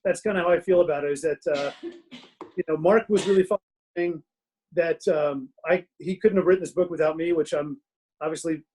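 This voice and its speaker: Chatty middle-aged man, slightly high voice. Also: normal speed, darkish tone, a little hiss or hum, poor audio. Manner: chatty, self-mocking, laughs through anecdotes. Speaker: guest author. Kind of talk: casual storytelling interview. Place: home den.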